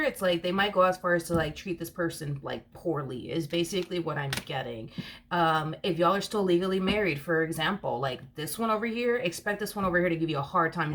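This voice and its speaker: A woman with a fairly low voice gives an offhand tarot reading. She talks in a chatty, rambling way, often repeats herself, and keeps breaking into giggles. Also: a little hiss or hum. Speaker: tarot card reader. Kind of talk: casual tarot reading to camera.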